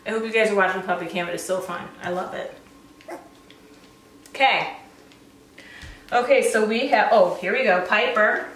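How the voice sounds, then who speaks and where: A woman breeder chatting casually as she shows a litter of puppies, often cooing at them in a high baby-talk voice. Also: normal speed, pauses often, fairly bright tone, a little hiss or hum. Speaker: dog breeder showing a puppy litter. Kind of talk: casual vlog chat. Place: indoor room with the puppies. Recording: roomy, distant camera sound.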